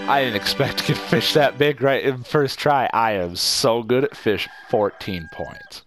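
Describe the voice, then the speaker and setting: A man's voice: mid-range voice, unhurried, few pauses, a bit bright, faint music behind. A young man doing casual gameplay commentary, playful and goofy, talking to the fish on screen. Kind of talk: casual let's play commentary.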